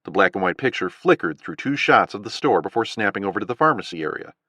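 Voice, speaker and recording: A low-pitched man reads a gritty thriller audiobook with an animated, rising-and-falling delivery. The recording is dry and close, with no room sound. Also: fast, dry recording. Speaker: audiobook narrator. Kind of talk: scripted narration.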